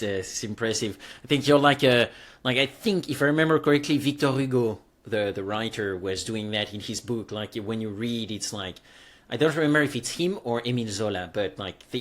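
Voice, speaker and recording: A podcast host, a man with a fairly low voice, speaking in a friendly, halting way as he reacts to his guest. His manner is casual and appreciative. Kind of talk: casual interview chat.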